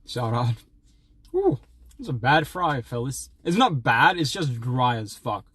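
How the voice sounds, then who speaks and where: A man's voice: mid-range voice, very animated, measured pace, a bit bright, breathy edge, no room sound. A young man from Sweden, chatting playfully as a streamer and reading donations in a rambling way. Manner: rambling, playful, stumbling restarts. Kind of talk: casual livestream chat, reading donations.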